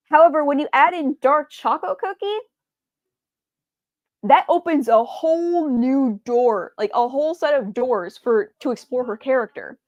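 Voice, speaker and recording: A woman's voice: a little high, dry recording. A woman streamer chatting casually, rambling with many fillers and restarts, stumbling over her words and answering viewers' chat.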